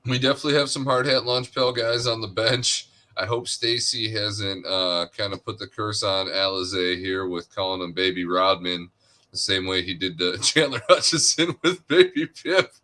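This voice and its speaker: A man's voice: lowish voice, moderate pace, bright, forceful tone. A man co-hosting a casual sports podcast, talking earnestly and emphatically with some swearing. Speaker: podcast co-host.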